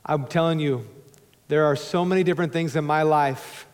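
Male pastor, higher voice, preaching with joking asides and big loud-to-soft swings, church reverb tail. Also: moderate pace. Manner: emphatic, swings between loud urging and hushed low tones. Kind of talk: sermon. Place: church sanctuary before a congregation. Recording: long hall reverb in a church.

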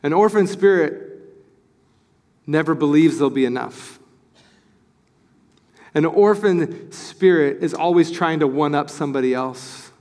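High-voiced animated pastor, echoey hall. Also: male voice, unhurried, pauses often. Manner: animated, acts out quoted voices, excited. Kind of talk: sermon.

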